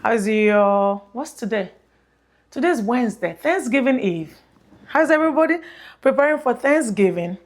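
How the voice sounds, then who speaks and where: A woman's voice: fairly high pitch, expressive, moderate pace. A woman in her thirties with a Nigerian accent, chatting casually to viewers on her vlog through a plug-in mic, rambling and repeating herself. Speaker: vlogger. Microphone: plug-in mic on phone.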